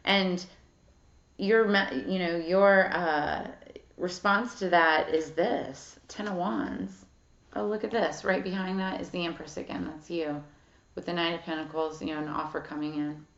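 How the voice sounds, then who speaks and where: A woman's voice: on the low side, a bit bright. A woman giving a casual tarot reading who swears freely, reads card texts aloud and fills her talk with "like" and "um". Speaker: tarot reader. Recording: echoey room, dull lo-fi sound.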